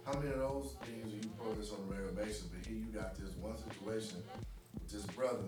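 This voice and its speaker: A man's voice: lowish voice, fairly even intonation, fast, over music. A man co-hosting a casual podcast, talking in long emphatic opinions full of "you know" fillers. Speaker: podcast co-host.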